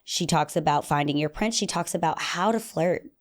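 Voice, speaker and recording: A young adult woman talks through a solo podcast episode in a lower-pitched voice. She stays casual and animated, and now and then slips into playful voices to act out little scenes. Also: normal speed. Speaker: podcast host.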